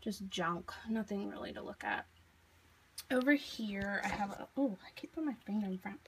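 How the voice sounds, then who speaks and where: A woman's voice: medium pitch, lively intonation, normal speed, background noise. A woman in her thirties giving a casual, chatty tour of her home craft room, filming as she talks, with lots of fillers and self-deprecating asides. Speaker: craft vlogger.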